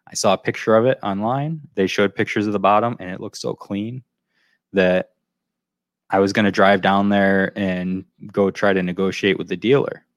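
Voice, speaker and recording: A man co-hosts a podcast and tells a long, rambling story in casual chat. He keeps looping back to pick up the thread. His voice is very deep, and the sound is dry and close. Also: steady tone, normal speed, no echo. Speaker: podcast co-host.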